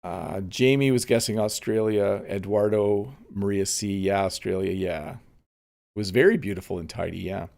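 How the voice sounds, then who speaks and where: A man, teaching English in a relaxed live-streamed lesson. He thinks aloud, with frequent ums. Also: lowish voice, moderate pace, vocal fry. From Canada.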